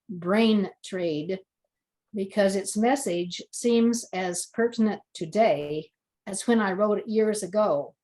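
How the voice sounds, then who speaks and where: Slow, gracious older woman moderator. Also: mid-range voice, darkish tone, low-quality recording. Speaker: moderator of a poetry reading. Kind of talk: introducing readers.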